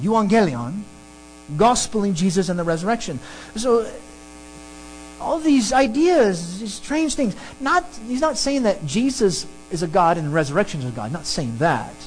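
A pastor preaching a sermon and teaching through a Bible passage, emphatic and animated. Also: rough recording. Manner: animated, emphatic preaching with sudden pitch jumps.

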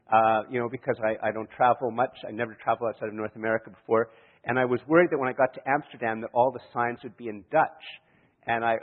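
A man from Canada, preaching a sermon and telling stories, often restarting his sentences and chuckling. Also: mid-range voice. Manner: storytelling, chuckling, many restarts. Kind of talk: sermon with anecdotes. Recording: echoey hall, tinny lo-fi sound.

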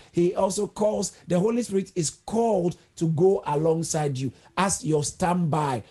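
A man's voice: on the high side, vocal fry, dark tone, slightly rough. A man preaching a sermon, explaining word roots step by step in a teaching manner. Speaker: pastor.

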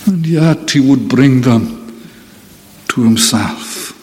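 A man preaching a sermon in a slow, deliberate way, with emphatic repetition. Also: medium pitch, a little mellow, in a large hall, slight background noise, poor audio.

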